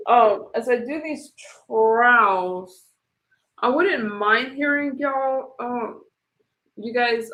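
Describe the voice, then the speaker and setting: Chatty woman hosting her stream, bright kinda high voice, trails off a lot. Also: roomy sound. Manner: chatty, trails off, reads chat aloud. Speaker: livestream host. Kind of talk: casual panel chat.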